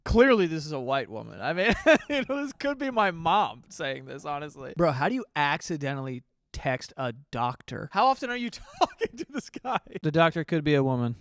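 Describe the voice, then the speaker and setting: A man's voice: on the high side, sing-song, moderate pace, hardly any pauses, no room sound, studio quality. A man in his thirties reading texts aloud and reacting with incredulous, swearing comedy commentary. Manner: incredulous, laughing, swears freely.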